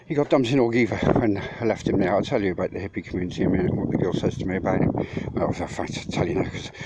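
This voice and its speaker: A man's voice: low-pitched, fairly even intonation, racing, dull audio. Rambling, breathless man vlogging outdoors. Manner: rambling, swears freely, chatty asides to viewers. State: out of breath from hauling loads uphill. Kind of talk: casual walking vlog. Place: outdoors on a mountain path. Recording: noisy outdoor phone recording.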